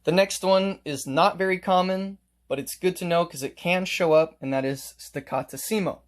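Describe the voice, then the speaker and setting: A man's voice: sits high, normal speed. A man teaching a casual music lesson, explaining note markings step by step and playing examples on his instrument.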